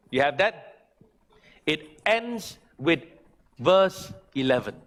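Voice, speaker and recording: A male pastor preaching a sermon, swinging from loud, high emphatic lines to quiet, pleading ones. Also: very animated, slow pace. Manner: preaching with big swings from shouting to hushed pleading. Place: church sanctuary.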